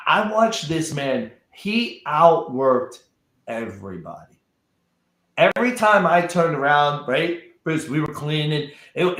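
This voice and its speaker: A man's voice: fairly high pitch, fairly bright tone, reverberant. A man talking as a guest in a casual chat, emphatic and often repeating words as he builds up a point.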